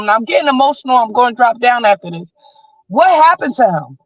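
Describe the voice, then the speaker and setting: A woman's voice: a little high, expressive, quick pace, no echo. A woman in her forties, calling in as a livestream guest, giving heated commentary in blunt, emphatic slang. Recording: slightly dull dry stream audio.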